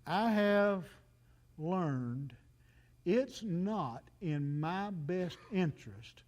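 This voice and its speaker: A man's voice: high voice, animated, drawn-out words, darkish tone. A man, preaching a folksy, joking sermon and talking straight to the congregation. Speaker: pastor.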